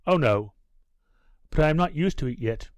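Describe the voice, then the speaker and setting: A man's voice: on the high side, lively intonation, normal speed, no room sound, lo-fi sound, natural voice. A guarded young woman with a lightly raised voice, as a man reads her in a storybook, answering in clipped, restrained replies. Her tone stays held back and careful. The reading is dry and close.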